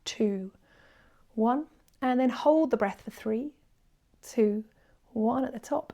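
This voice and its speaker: A woman with a fairly high voice guides a yoga class. She speaks softly and kindly, often sinking into a near-whisper as she counts the breaths. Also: takes it slowly, vocal fry, pauses often. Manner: soft, gentle and encouraging, slipping into near-whispers on breath counts. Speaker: yoga teacher. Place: indoors, quiet room with birds faint outside.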